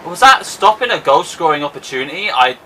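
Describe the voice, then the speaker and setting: A young man with an excitable, self-mocking manner, commentating his own football video game match. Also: on the high side, brisk, recorded from a distance. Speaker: gaming YouTuber. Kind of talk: casual gameplay commentary.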